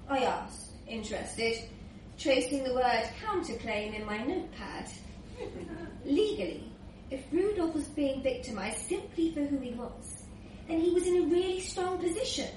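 A woman reading a comic story aloud in a dry, measured lawyerly manner. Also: high-pitched. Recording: echoey room, distant mic, faint hiss.

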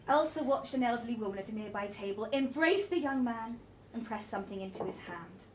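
A woman narrating a story in an even, measured reading voice. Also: on the high side, slight background noise. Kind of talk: audiobook narration.

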